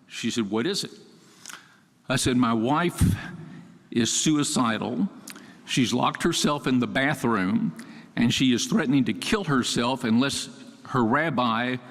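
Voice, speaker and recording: A man's voice: mid-range voice, measured pace. Older man telling a wry story in a hall. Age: 70s. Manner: conversational, wry, acts out quoted dialogue in raised voice. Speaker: widower giving a eulogy. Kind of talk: humorous storytelling eulogy. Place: large synagogue sanctuary. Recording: long reverb of a large hall.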